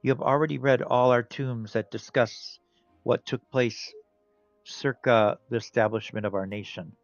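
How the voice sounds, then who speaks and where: A man putting on a raised, louder voice for a formal, courteous librarian figure. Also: mid-range voice, steady tone, moderate pace, dry recording, pitched above the performer's own voice, natural voice. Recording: dull lo-fi audio, faint game music.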